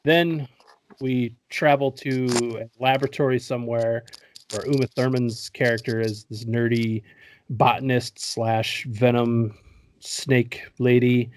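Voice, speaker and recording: A man talks through a movie's plot in a loose, joking podcast recap, swearing freely and breaking into laughter. His voice sits at an ordinary middle pitch. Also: flat delivery, a little slow, slight background noise. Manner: joking, profane, laughs often. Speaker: podcast host.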